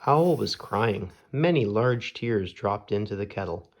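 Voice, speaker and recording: Man, children's story read-aloud, very slow, slightly low voice, measured narration. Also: lively intonation. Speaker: storybook reader.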